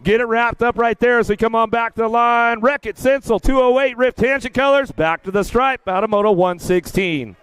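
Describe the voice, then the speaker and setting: An older man calling a kids' bike race live, energetic and chatty, getting a bit emotional. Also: extremely high pitch, normal speed, hardly any pauses, clean tone, dry recording. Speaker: race announcer. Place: outdoor race track.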